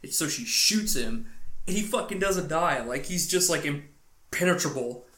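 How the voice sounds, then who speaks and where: A man's voice: on the high side, animated, normal speed, sharp tone. A man co-hosting a podcast, retelling a film plot in a rambling, profane, casual way. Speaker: podcast co-host. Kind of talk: casual movie recap. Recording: roomy echo.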